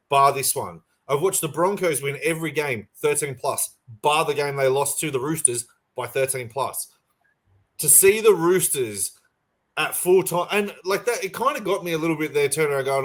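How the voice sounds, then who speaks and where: A man's voice: a little high, moderate pace. A man co-hosting a sports podcast over a remote call, talking passionately and rambling with restarts. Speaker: podcast co-host. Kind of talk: casual sports chat.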